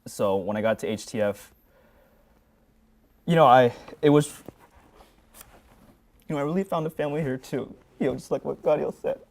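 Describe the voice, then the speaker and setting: A man's voice: medium pitch, normal speed, creaky, pauses often, darkish tone. A young man, a graduating student on a sports show, giving a sincere, rambling farewell full of fillers. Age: young adult. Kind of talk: heartfelt farewell speech.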